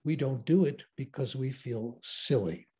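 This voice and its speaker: An older man on a video call, an enthusiastic, animated storyteller in a conversational interview. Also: medium pitch, measured pace. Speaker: interview guest.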